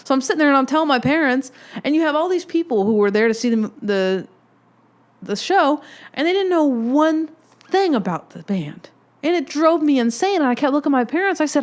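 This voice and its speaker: A woman in her twenties hosting a casual solo podcast, telling a rambling, excitable fan story. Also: high voice, fairly quick. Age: 20s. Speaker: podcast host.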